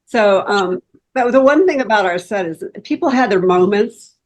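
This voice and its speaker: A woman guest on an interview, sharing memories in a chatty, halting way. Her voice sits at an ordinary middle pitch. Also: lively intonation, poor audio. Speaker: actor guest. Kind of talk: casual reminiscing.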